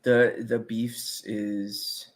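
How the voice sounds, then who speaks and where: A man's voice: on the low side, level tone, extremely slow. A man chatting casually as a guest, rambling and swearing freely, laughing often. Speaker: guest musician. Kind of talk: casual profane chat.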